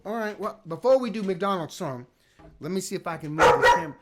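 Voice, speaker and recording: Animated man leading a kids' singalong. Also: fairly high pitch, normal speed, heavy background noise. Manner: animated, playful, talks to his dogs and viewers. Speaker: teaching artist. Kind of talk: children's music session on a livestream. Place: at home. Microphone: livestream camera. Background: guitar.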